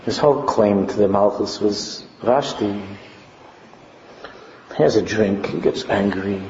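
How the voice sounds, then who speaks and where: A man's voice: lowish voice, a little slow. Man preaching in an echoey hall. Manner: animated, rising to impassioned preaching. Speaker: rabbi. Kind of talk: sermon on Purim. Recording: echoey hall, dull lo-fi sound with faint background noise.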